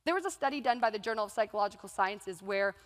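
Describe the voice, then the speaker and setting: A woman's voice: medium pitch, expressive, quick pace. A woman in her thirties giving a motivational keynote speech on stage, telling stories and acting out her own inner voices. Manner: storytelling, acts out inner voices and quotes. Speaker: keynote speaker. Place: large event hall. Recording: long reverb of a large hall.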